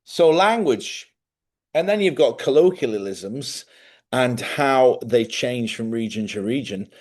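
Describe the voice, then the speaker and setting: A man hosting a live stream, chatting casually and rambling as he thinks out loud. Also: mid-range voice, lively intonation, takes it slowly. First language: English.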